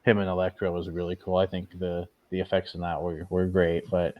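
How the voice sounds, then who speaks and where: Male podcast co-host, lowish voice, hesitant and halting; dull lo-fi recording. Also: completely flat delivery. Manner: hesitant, thinks aloud with many "um"s and "I think"s. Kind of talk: casual chat.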